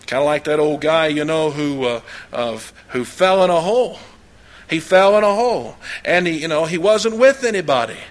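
An older man preaches in a high-pitched voice from the pulpit. He wanders through homespun stories and asides, with plenty of fillers and restarts along the way. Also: lively intonation, moderate pace. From Oklahoma. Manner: folksy, rambling, with anecdotes and frequent fillers. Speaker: pastor. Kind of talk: sermon.

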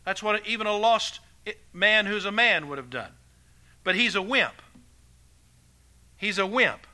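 A man delivers a sermon in a bright, sharp, forceful voice pitched slightly above the typical male range. Unhurried, he alternates between loud, emphatic declarations and quiet, hushed passages.

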